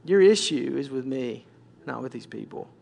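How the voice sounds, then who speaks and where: A preacher voicing God as a stern, quiet, measured inner voice. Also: male voice, mid-range voice, expressive, creaky, pitched below the performer's own voice. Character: God as a stern still small voice.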